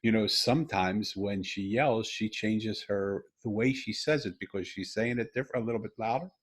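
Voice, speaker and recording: A husky, fairly low-voiced middle-aged man hosting a podcast from a video call. He tells a personal story earnestly, breaking off and restarting, then pushing hard on key lines. The voice carries a slight rasp throughout. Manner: earnest, halting with restarts, rising to animated emphasis. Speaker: podcast host. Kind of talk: conversational storytelling. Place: home room over video call.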